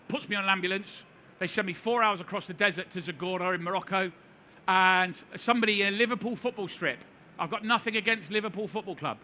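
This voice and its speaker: A man's voice: high-pitched, sharp tone, a little hiss or hum. A middle-aged man giving a seminar talk, telling a story to a live audience with wry, self-deprecating humor. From United Kingdom. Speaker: seminar speaker. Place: conference hall.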